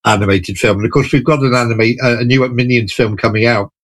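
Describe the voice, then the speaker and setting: A man's voice: medium pitch, steady tone, a bit bright, no room sound. Chatty man reviewing films. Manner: enthusiastic, chatty, some halting restarts. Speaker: film reviewer. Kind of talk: casual radio chat. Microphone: studio microphone.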